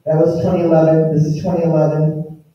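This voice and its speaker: A woman's voice: sits low, little pitch movement, fast. A woman giving a spiritual talk while presenting slides. She is enthusiastic and rambling, with many restarts. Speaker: speaker presenting slides to an audience. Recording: echoey, distant and dull.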